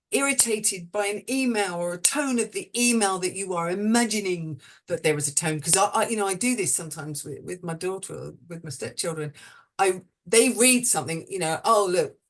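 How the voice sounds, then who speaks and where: A woman's voice: fairly low pitch, a little hiss or hum. Hesitant woman hosting a panel talk. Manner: halting, many restarts, laughs at herself. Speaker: host. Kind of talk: online panel discussion.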